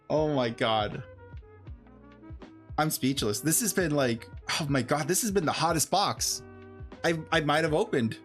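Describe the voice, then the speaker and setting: A man streaming live, chatting casually and rambling while he opens a box of cards, getting excited and laughing often. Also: mid-range voice, measured pace, long pauses, soft background music. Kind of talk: casual livestream chat while opening cards.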